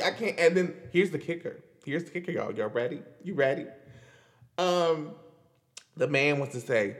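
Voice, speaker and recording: A man hosting a casual commentary show, animated and laughing, repeating his lines for emphasis. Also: fairly high pitch, moderate pace, big-room sound. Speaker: host.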